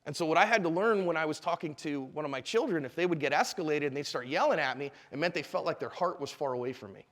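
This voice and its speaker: A man in his forties teaching a live class, animated and quizzing the audience. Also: on the high side, quick pace, in a large hall. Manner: animated, asks the audience questions. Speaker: self-defense instructor.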